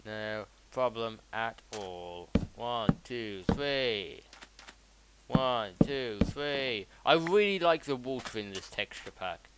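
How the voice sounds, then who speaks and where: A man's voice: mid-range voice, lively intonation, slow. A man chatting casually as he streams a game, rambling and answering his chat. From south of England. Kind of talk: casual live-stream commentary while gaming. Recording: loud background noise with mouse clicks.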